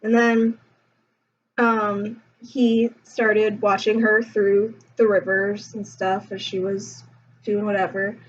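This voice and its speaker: A woman's voice: mid-range voice, level tone, slow pace, a little hiss or hum. A young woman casually retelling a myth in a laid-back, slangy way, full of fillers. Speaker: storyteller. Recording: dull lo-fi recording.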